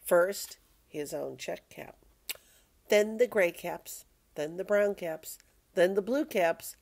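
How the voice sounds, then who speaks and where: An older woman reading a children's picture book aloud in a slow, playful, expressive way. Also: fairly low pitch, creaky.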